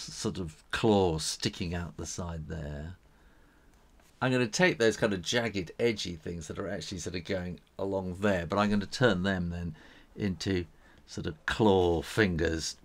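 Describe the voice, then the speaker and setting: An older man teaching drawing in a casual, rambling way, chuckling often as he sketches. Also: low-pitched. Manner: rambling, chuckles while sketching, many fillers.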